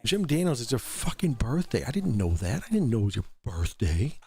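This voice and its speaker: A man's voice: mid-range voice, sing-song, brisk, a little mellow, slightly rough, soft background music. A man hosting a casual livestream, reading out super chats in a loose, rambling way, swearing freely and laughing often. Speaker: livestream talk show host.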